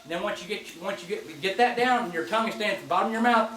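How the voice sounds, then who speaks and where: A man giving a casual spoken demonstration of goose calling, in a relaxed, folksy way that repeats and restarts his phrases. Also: high voice, fast. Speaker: goose call instructor. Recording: distant mic in an echoey space, faint clicking.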